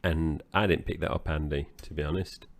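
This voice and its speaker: Man with a very deep voice recapping. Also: a little fast, creaky. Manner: relaxed plot recapping, loose restarts. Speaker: podcast co-host. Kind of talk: casual movie review chat.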